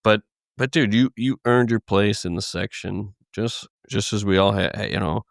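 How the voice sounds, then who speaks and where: A man's voice: on the low side, moderate pace, creaky, no echo, studio quality. A man hosting a podcast, talking loosely and rambling in casual chat, laughing often. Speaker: podcast host.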